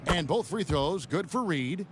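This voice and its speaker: An actor voicing an energetic basketball play-by-play announcer in a video game, calling the action with excited bursts. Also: male voice, high-pitched, a crowd in the background. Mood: brisk. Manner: rapid excited calls. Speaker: play-by-play commentator. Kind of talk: video game sports commentary. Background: game music.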